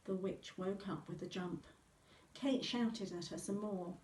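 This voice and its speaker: A woman teacher reads a storybook aloud to her pupils in an expressive, medium-pitched voice, taking her time. The room is echoey, and she was recorded from some distance away.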